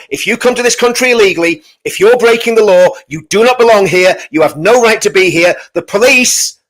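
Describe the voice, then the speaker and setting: A man's voice: high voice, fairly bright tone, low-quality recording. A man giving an impassioned rant to his viewers, emphatic and repetitive, often tagging "right?" onto his points. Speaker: activist addressing viewers.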